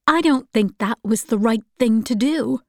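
A woman voicing a shy, earnest young woman, speaking quietly and sometimes near a whisper. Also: a little high, measured pace, no echo, clean studio sound.

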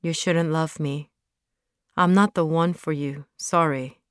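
A woman's voice: low voice, steady tone, slow, clear, resonant tone, dry recording, clean studio sound. A woman reading as a curt, aloof teenage boy.

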